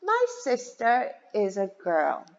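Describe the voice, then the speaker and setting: A woman teaching small children, her slightly high voice rising and falling in a sing-song way. She takes her time and spells words out letter by letter. The recording is dull and lo-fi, with a long reverb trailing behind her. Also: wildly swooping pitch, slow. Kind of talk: children's vocabulary lesson.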